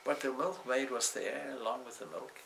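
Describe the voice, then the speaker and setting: A man's voice: medium pitch, steady tone, normal speed, vocal fry, fairly bright tone, slight background noise, rough recording. A man, a swami, giving a spiritual talk indoors in a discursive way, weaving in stories and side remarks. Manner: discursive, with asides and restarts.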